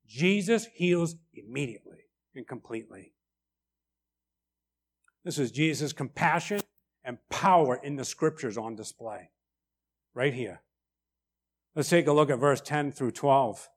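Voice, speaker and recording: A middle-aged male pastor preaching a sermon in an animated way, often breaking in with asides like "right?" and "okay?". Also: mid-range voice, measured pace, long pauses.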